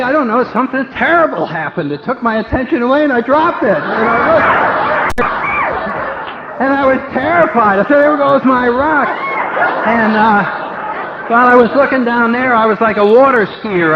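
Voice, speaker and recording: A man speaking at a recovery meeting, telling a humorous, animated story, recorded on old tape in a hall. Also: very high-pitched, a little fast, over a noisy crowd, very noisy. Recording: dull 1970s tape in long-echo hall.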